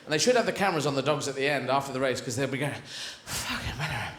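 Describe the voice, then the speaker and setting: A man's voice: mid-range voice, very fast, a little hiss or hum. A man from England doing rambling, surreal stand-up comedy on a large theatre stage. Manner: rambling, surreal, acting out voices. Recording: echoey theatre with loud audience.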